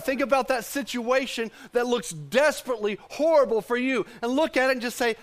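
A man's voice: extremely high pitch, big pitch swings, fairly quick, few pauses, fairly bright tone. A man preaching a sermon, repeating lines for the congregation to echo back. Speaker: pastor.

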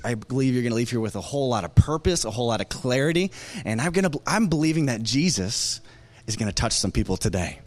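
A young man preaching a conversational sermon to a church crowd, animated and joking as he tells stories with lots of fillers. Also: a little high. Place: church service.

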